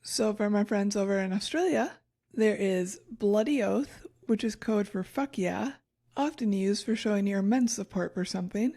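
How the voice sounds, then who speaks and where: A woman co-hosting a casual podcast, going through her research notes in a relaxed way. Her voice is gravelly and dark, with a medium pitch. She laughs at her own stumbles and keeps things loose. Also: moderate pace. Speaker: podcast co-host.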